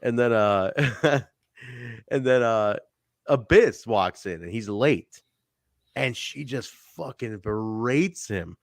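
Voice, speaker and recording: A man hosts a casual review podcast, recapping scenes in a lively, swooping voice and acting out the lines people said. The sound is dry and close, with no room around it. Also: medium pitch, slow, no echo. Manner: animated recapping, acts out quotes. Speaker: podcast host. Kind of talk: casual wrestling review chat.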